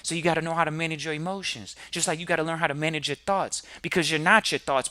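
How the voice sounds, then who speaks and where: A man hosting a podcast, giving a motivational talk full of rhetorical questions to listeners and building to loud emphatic peaks. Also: a little high, fairly even intonation, fast, hardly any pauses, dry recording. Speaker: podcast host.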